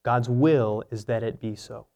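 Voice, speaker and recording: A man's voice: mid-range voice, steady tone, unhurried, vocal fry, dark tone. Man preaching an earnest sermon. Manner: earnest teaching with rhetorical questions. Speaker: pastor.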